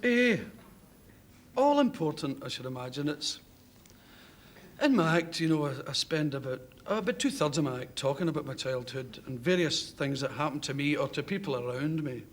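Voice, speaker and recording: Lively Glaswegian comedian in his thirties. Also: a little high, normal speed. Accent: Glaswegian Scottish. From Scotland. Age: 30s. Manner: animated, laughs through his own stories. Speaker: comedian guest. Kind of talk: anecdotal chat show storytelling. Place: television studio with audience. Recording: noisy 1970s television audio.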